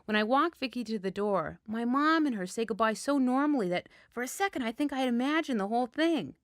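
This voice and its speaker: Woman storyteller, deadpan and wry, fairly high, dry close sound. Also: a little fast, no room sound. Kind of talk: performed first-person storytelling.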